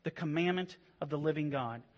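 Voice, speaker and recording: A man preaching a sermon as pastor, impassioned, swinging from hushed passages to loud declarations. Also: fairly high pitch, brisk, lo-fi sound. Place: church. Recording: long reverb of a hall.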